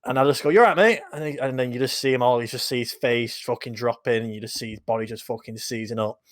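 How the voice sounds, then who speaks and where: A young man co-hosts a podcast, telling sweary anecdotes in a casual, animated storytelling chat. His mid-range voice moves at a quick pace, captured in a dry recording with clean studio sound.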